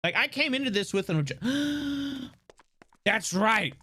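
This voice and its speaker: A man's voice: very high-pitched, expressive, slow, sharp tone, breathy edge. A man streaming a game live, chatting casually with viewers in a rambling, playful way, swearing and laughing often. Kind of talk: casual live-stream chat while gaming.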